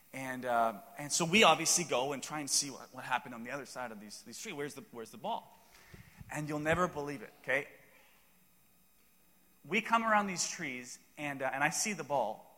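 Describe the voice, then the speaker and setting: Bright-voiced pastor preaching in a reverberant hall. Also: male voice, a little high. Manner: animated, jokey storyteller with playful asides. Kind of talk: sermon with humorous storytelling.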